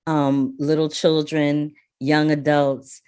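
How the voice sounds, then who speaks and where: A woman hosting a podcast, interviewing a guest and wrapping up the episode in an effusive, expressive way. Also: deep voice, takes it slowly, clear, resonant tone. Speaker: podcast host.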